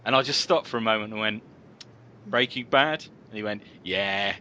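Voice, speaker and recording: A man's voice: lowish voice, steady tone, quick pace, bright, forceful tone, dull audio, a little hiss or hum. A man co-hosting a comedy podcast, telling rambling stories in casual chat with lots of fillers and restarts. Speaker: podcast co-host.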